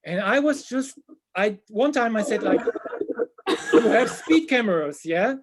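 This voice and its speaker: In a relaxed chat, this high-voiced man recounts a comic tour anecdote without hurrying, full of energy but lowering his voice to a whisper at the awkward bits.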